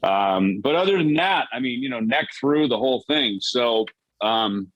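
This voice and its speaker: A man's voice: medium pitch, lively intonation, unhurried, fairly bright tone, dry recording, dull audio. A middle-aged man guesting on a podcast, talking loosely and rambling, laughing often and calling people dude. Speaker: guest musician. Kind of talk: casual podcast interview.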